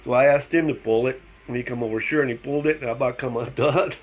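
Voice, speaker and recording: A man's voice: mid-range voice, fast, muffled recording. A middle-aged man chatting casually as he tells a personal story, laughing along and acting out what people said. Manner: chatty, laughs through his story, acts out the dialogue. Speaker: vlogger telling a personal story. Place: at home with his dogs.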